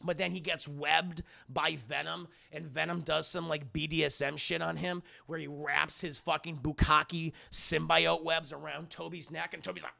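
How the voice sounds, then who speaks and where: A man's voice: on the high side, flat delivery, moderate pace, creaky, few pauses, sharp tone. A man streaming live, recapping a film scene by scene in casual, profane chat and mocking the dialogue in silly voices.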